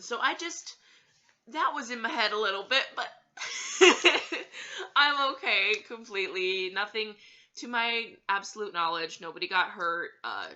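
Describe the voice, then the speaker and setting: A woman's voice: a little high, sharp tone, highs cut off. A woman telling a story in a casual vlog, giggly and hesitant, with plenty of fillers.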